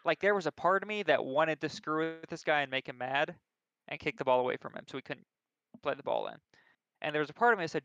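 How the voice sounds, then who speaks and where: A young podcast co-host tells a story at his own expense during a casual chat, animated and quick to poke fun at himself. His voice is bright, crisp, and slightly high. The recording is dry and somewhat dull, with a lo-fi edge.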